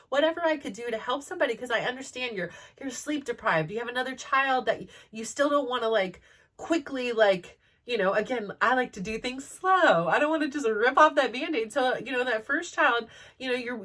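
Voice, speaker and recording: A woman's voice: fairly high pitch, fairly bright tone, recorded from a distance. A woman telling personal stories in a chatty way, laughing often and filling with "like". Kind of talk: personal storytelling.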